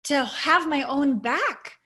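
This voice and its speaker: A woman's voice: sits high, animated, slow pace, bright, forceful tone. Earnest woman coach sharing her story. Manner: earnest, reflective, openly emotional. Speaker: intimacy coach, guest. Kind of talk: interview storytelling.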